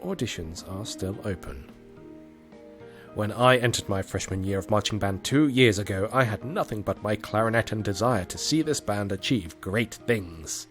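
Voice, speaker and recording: A self-important teenage clarinet section leader, as a man reads him aloud holds forth like a campaign speech, his pitch rising and falling eagerly. Faint music plays under this read-aloud visual novel. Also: lively intonation, normal speed, close to an everyday voice. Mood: pompous. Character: pompous ambitious teen boy clarinet section leader.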